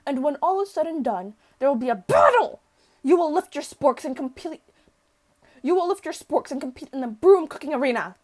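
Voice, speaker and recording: A woman's voice: sits high, expressive, a little fast, darkish tone. A woman voicing a pompous male dog professor who gives grand speeches and scolds latecomers. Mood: rousing. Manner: rousing speech-giving, stern scolding.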